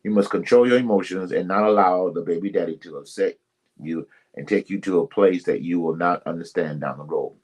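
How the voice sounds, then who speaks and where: A man's voice: brisk, darkish tone. Emphatic, preachy man on a live stream. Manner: repetitive, emphatic, preachy, with sudden jumps in pitch; addresses viewers directly and greets commenters by name. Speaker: ministry live-stream host. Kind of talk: casual live-stream relationship advice.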